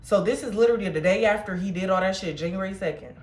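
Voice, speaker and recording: A woman's voice: medium pitch, quick pace, darkish tone, roomy sound. A woman hosting a livestream, venting in a blunt, heated, profane way. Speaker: livestream host.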